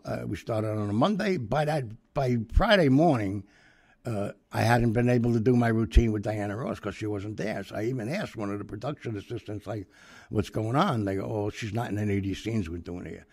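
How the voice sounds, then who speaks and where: An older man casually telling an anecdote in a rambling way, acting out the dialogue with lively voices. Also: lowish voice, creaky, no echo, clean studio sound. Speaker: storyteller.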